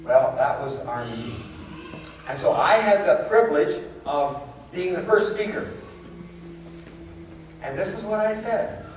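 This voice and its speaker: A man's voice: fairly high pitch, animated, a little slow, long pauses, faint music behind. A man preaching a sermon as a pastor, telling stories and asking the congregation rhetorical questions. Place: church sanctuary. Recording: very echoey church hall, far-off mic, background noise.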